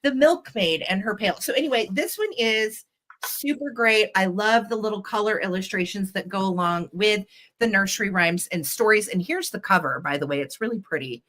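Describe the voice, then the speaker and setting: A woman's voice: mid-range voice, moderate pace, fairly bright tone. A woman in a mid-range voice hosting a live online vintage sale. She talks about each item in a chatty, enthusiastic way, with frequent filler ums. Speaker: host and vintage seller. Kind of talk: live online sales show.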